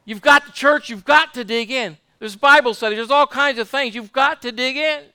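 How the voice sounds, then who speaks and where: A man's voice: extremely high pitch, moderate pace, bright, forceful tone, clean tone, no room sound. A man preaching a fervent sermon, repeating his points and asking the congregation for amens. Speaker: pastor.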